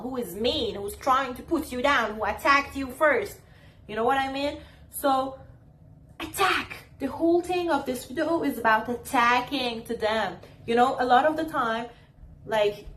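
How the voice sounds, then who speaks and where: A woman's voice: fairly high pitch, a bit bright. A woman with giving advice straight to camera in a casual, emphatic way, repeating her phrases and acting out her own comebacks.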